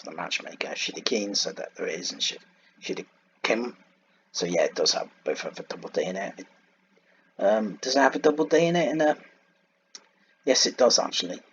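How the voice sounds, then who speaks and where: A man's voice: low-pitched, fairly bright tone, muffled recording, a little hiss or hum. A man giving an informal Bible lesson over slides, wandering off on side points and searching aloud for the right word. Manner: digressive, thinks aloud and searches for words. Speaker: Bible teacher.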